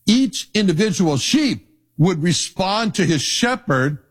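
An older man giving a sermon as pastor, telling folksy personal stories with an animated, conversational delivery. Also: high-pitched, takes it slowly, breathy edge. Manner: storytelling, animated, folksy asides.

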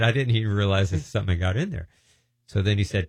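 Brief: middle-aged man, low voice, dry close sound, loose rambling testimony. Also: fairly even intonation, quick pace, darkish tone, dry recording. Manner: loose, meandering, breaks off mid-sentence. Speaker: deliverance minister.

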